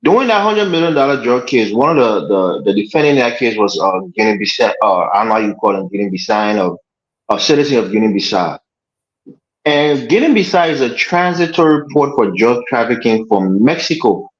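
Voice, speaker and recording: A man hosting a political panel discussion, making his case in a measured, argumentative way. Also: mid-range voice. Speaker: panel host. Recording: echoey room, dull lo-fi audio.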